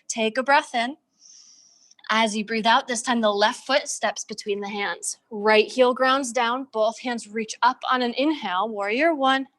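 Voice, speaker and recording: A woman's slightly high voice leads a yoga class over a video call. She paces her cues to the breath, steady and calm. She sounds like a young adult instructor guiding students through each move. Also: low-quality recording. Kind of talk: live-cued yoga class.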